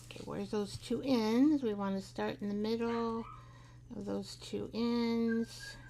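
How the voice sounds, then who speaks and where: A woman's voice: on the high side, fairly even intonation, slow pace, creaky, dark tone, a little hiss or hum. A middle-aged woman hosting a live craft show, chatting and rambling as she works, laughing often and talking to her craft pieces. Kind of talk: live craft tutorial chat.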